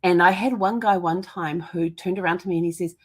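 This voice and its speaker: A woman's voice: lowish voice, a little fast, slightly rough. Upbeat New woman hosting live. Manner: chatty, upbeat storytelling. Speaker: podcast host. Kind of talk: casual live-streamed monologue. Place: indoors at home.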